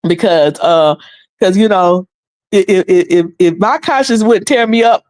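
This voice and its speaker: A woman's voice: mid-range voice, a little slow, a little mellow, dry recording. A woman hosting a livestream, talking in a colloquial, preachy way and laughing often. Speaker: livestream host. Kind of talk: casual livestream commentary.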